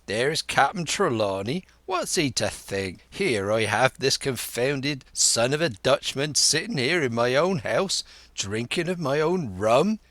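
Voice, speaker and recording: A man voicing a wily, blustering one-legged old pirate cook in a slow audiobook reading. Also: mid-range voice, expressive, a bit bright, no room sound. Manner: bluff, blustering, sly sea talk.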